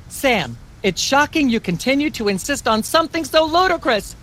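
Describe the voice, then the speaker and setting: A haughty game talk show host, high and bright-voiced, self-important. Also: female voice, big pitch swings, moderate pace. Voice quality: haughty, droning on and on. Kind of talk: video game voice acting.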